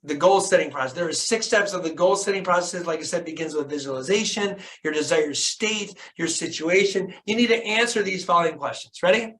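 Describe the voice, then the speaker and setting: A man's voice: high voice, fairly quick, hardly any pauses, fairly bright tone. A man giving a fired-up motivational talk on a video call, preaching and asking the audience questions, repeating phrases for emphasis and cursing casually. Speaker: motivational speaker.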